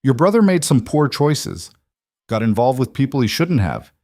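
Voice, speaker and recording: A man voicing a cold, controlled mafia boss who states threats calmly and matter-of-factly. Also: medium pitch, moderate pace, dry recording, studio quality, pitched above the performer's own voice. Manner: calm, clipped, matter-of-fact threats.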